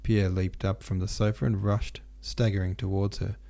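A man's voice: sits low, flat delivery, moderate pace, creaky, dark tone. A man narrating a classic novel as an audiobook, reading steadily with occasional stumbles and restarts.

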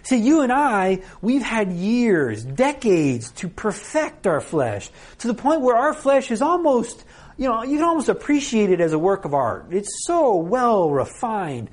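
A man's voice: sits high, very animated, unhurried. A middle-aged man giving a conference sermon in a conversational way, acting out quoted lines. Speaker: conference speaker.

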